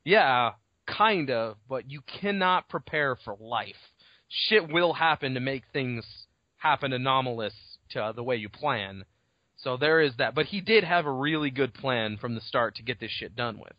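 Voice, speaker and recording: A man's voice: medium pitch, expressive, normal speed, dry recording. A man co-hosting a podcast, chatting casually about a book and acting out its scenes with freely dropped swear words. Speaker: podcast co-host. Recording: dull lo-fi podcast audio.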